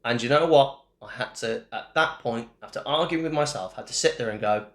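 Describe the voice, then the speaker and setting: A man's voice: medium pitch, fairly quick. A man co-hosting a casual wrestling chat, jokey and playful. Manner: jokey, playful, laughs often. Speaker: co-host of a wrestling rankings show. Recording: echoey room.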